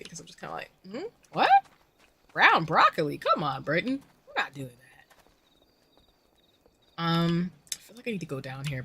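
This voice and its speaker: A woman's voice: fairly low pitch, pushed and bright. A woman streaming a game, chatting casually and answering her chat in slangy, chatty talk. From United States.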